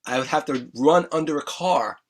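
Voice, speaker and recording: A middle-aged man, his voice a little husky and pitched somewhat high for a man. He tells his story earnestly and with emphasis, coming back to key words again and again, in a candid interview. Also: moderate pace. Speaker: guest musician. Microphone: remote interview mic.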